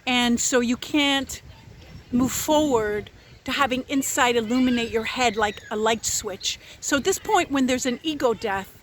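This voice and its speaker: A woman's voice: fairly high pitch, unhurried, slight background noise. A woman giving an unscripted spiritual talk to camera, intense and blunt, swearing freely and pressing her points hard. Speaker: spiritual vlogger.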